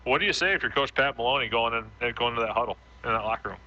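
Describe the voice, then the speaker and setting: A man co-hosting a post-game radio show, breaking down the game in a measured way and often restarting his sentences. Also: mid-range voice, bright, forceful tone, muffled recording. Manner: thinks aloud, frequent restarts, measured. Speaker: radio football co-host and analyst.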